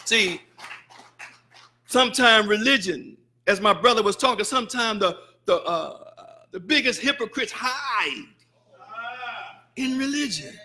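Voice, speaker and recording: A man preaching a fervent sermon as a student minister in a mosque, breaking into shouted bursts and wry, mocking asides. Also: high-pitched, animated. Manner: mocks excuses in wry, drawn-out asides.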